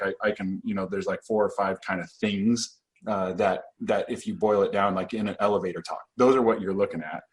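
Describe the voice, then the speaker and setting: A man from Iowa, a podcast host who rambles and hedges in casual chat. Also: on the low side. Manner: rambling, hedging, laughs easily.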